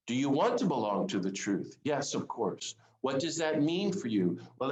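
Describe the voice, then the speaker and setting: A man's voice: medium pitch, darkish tone, roomy sound, poor audio. A man giving an informal sermon to a small group, earnest and conversational, putting direct questions to his listeners. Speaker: speaker of a Lenten series.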